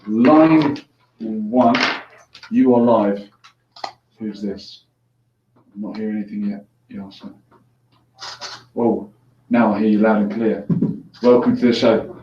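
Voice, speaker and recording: A man's voice: fairly low pitch, little pitch movement, measured pace, long pauses, a little hiss or hum. Joking man hosting a call-in show, echoey. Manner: chatty and joking, laughs easily. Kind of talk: casual call-in chat. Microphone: headphones on, mic at a distance. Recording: echoey room, distant dull lo-fi mic.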